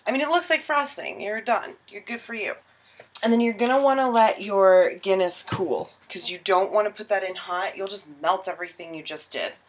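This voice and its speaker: A woman's voice: mid-range voice, normal speed. Tipsy, giggly young woman baking at home. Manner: giggly, rambling and self-mocking. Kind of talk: tipsy casual baking tutorial. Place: home kitchen.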